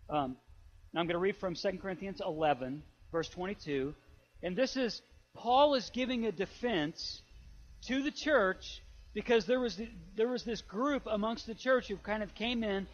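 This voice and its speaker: A man preaching a conversational sermon as a pastor, reading scripture with animated emphasis. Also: high voice. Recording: dull lo-fi sound.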